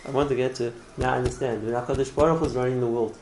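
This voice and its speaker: A man's voice: medium pitch, steady tone, rapid-fire, darkish tone, slight background noise, rough recording. A man teaching a religious class in an earnest way, often repeating words and restarting his phrases. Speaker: Torah teacher.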